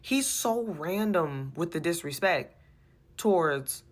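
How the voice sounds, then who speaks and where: A woman telling an animated, exasperated personal story about her church, repeating herself as she goes. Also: lowish voice, slow pace. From USA.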